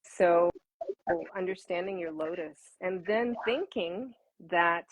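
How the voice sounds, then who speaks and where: A woman answering interview questions as an intimacy coach, animated and laughing, often repeating words for emphasis. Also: lowish voice, takes it slowly, slight background noise, low-quality recording.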